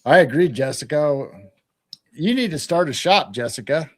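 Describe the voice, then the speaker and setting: A playful, rambling man from the Midwestern United States co-hosts a live chat stream in a casual late-night conversation. His voice sits on the high side with lively intonation and a moderate pace, and he repeats words while he thinks.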